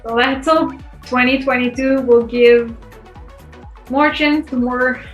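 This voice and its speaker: A woman's voice: high voice, steady tone, slow pace, echoey room, faint music behind. A woman with a French Canadian accent, chatting casually as a guest and laughing at herself often. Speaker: guest co-host. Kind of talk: casual wrestling chat.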